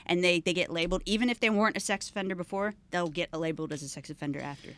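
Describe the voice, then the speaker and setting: Animated woman telling a story. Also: on the low side, rapid-fire. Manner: animated, acts out quoted voices. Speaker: guest. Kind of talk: casual storytelling chat. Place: podcast studio.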